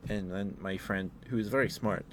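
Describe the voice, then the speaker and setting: A man in a soft-spoken ASMR ramble, telling meandering stories with fillers and chuckles. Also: lowish voice, normal speed, background noise. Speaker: ASMR streamer.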